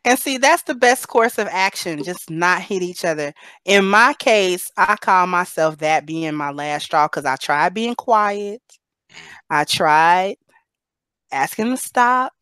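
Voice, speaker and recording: A woman's voice: fairly low pitch, expressive, a little slow, a bit bright, clean tone, no echo. Candid woman host, dry close sound. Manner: candid, storytelling, laughs through her points. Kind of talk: casual live panel chat.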